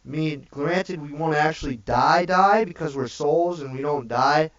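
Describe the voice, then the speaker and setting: A man's voice: on the high side, a little slow, a bit bright. A man giving a preachy, profane livestream rant, repeating "okay?" after each point. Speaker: livestream host. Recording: dull distant mic.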